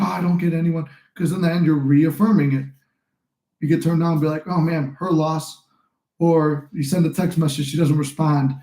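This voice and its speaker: Man, young adult, casual livestream advice, rambling and encouraging, warm mellow tone, roomy echo. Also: on the high side. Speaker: livestream host and manifesting coach. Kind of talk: casual live-stream advice talk.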